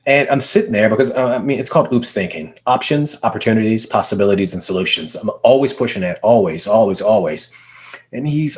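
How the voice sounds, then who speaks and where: A man, a business coach, telling a story in conversation, energetic and emphatic, repeating words for effect. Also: on the low side, quick pace. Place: video call.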